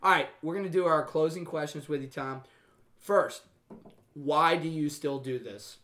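A man's voice: a little high, normal speed, bright, forceful tone. A man hosting a casual podcast, joking and teasing as he tells stories. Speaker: podcast host.

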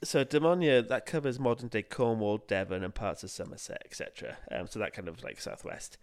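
A young podcast co-host rambles and laughs through casual chat and history narration, his banter sweary and loose. He speaks a little fast in a lowish, animated voice.

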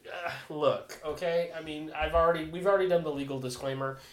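A man's voice: a little high, fairly even intonation, fairly quick, echoey room, crowd noise. An American man co-hosting a podcast in casual chat, joking and bantering. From United States. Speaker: podcast co-host.

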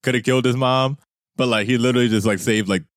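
A man's voice: mid-range voice, fairly even intonation, fast, no echo, studio quality. A man co-hosting a podcast, chatting casually about a film and mimicking sound effects and voices. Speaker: podcast co-host. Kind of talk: casual movie chat.

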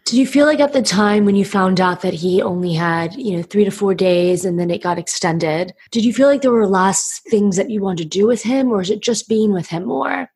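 A woman interviewer asks questions warmly and casually, with animated, empathetic reactions. Her voice carries a slightly husky, breathy quality. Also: medium pitch, brisk, few pauses. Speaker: interviewer host.

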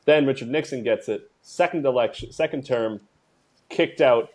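A man's voice: medium pitch, normal speed, a little mellow. A man co-hosting a podcast in casual chat, laid-back and rambling with some swearing. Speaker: podcast co-host.

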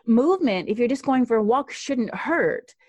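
A woman coaching clients, talking in a chatty, lively way in a casual podcast interview. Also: on the high side, moderate pace, no room sound. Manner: lively, chatty, laughs often. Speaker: guest coach.

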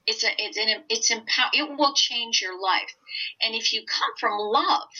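An older woman coaching on mind and body, talking gently and earnestly in a casual interview. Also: on the high side, moderate pace. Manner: gentle, earnest, speaks from the heart. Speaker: oncology coach, guest. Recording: dull lo-fi remote audio.

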